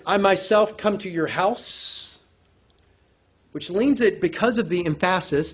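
A man delivers a sermon in an animated preaching style. His voice sits a little high for a man. He often acts out the voices of the people he quotes and repeats words as he builds emphasis. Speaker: pastor.

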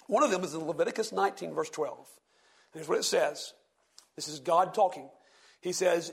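A man preaching a sermon, slowly reading scripture with heavy emphasis and asking his listeners questions. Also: sits high, creaky. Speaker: pastor.

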